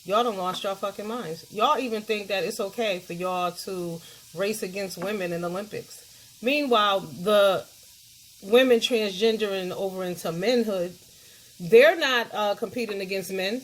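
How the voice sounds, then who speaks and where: A woman's voice: medium pitch, moderate pace, a little hiss or hum. A middle-aged woman, ranting bluntly and profanely as a commentary vlogger, talking straight to her viewers.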